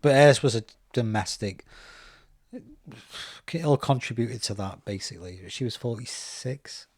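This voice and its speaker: A man's voice: mid-range voice, a little slow, no room sound, studio quality. A man who hosts a podcast interview, chatting casually and telling personal stories, acting out the voices of people he quotes. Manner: animated storytelling, acts out quoted voices. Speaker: podcast host.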